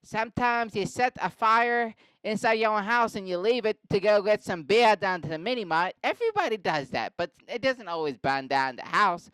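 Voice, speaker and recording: A man putting on a folksy police chief who talks loudly and reassuringly in a mock Boston accent. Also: high-pitched, animated, moderate pace, hardly any pauses, clear, resonant tone, no echo, pitched above the performer's own voice. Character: folksy middle-aged male police chief.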